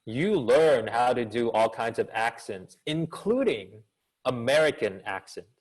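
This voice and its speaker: A man of middle pitch answers questions over a video call, speaking as a communication coach. He talks with an actor's expressive energy and keeps asking rhetorical questions to draw his listeners in. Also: a little slow, low-quality recording. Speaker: business school professor and communication coach. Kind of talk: answering questions in an online seminar.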